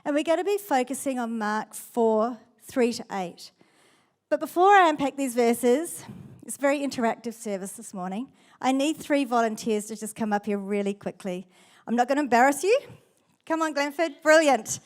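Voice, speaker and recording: A woman pastor giving a sermon in church with lively, playful storytelling. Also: fairly high pitch, moderate pace.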